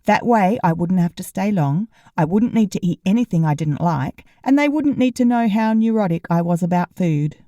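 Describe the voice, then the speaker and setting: A woman narrating a novel in first person, with a wry, deadpan delivery. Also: on the low side, normal speed, hardly any pauses, no echo, studio quality. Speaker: audiobook narrator.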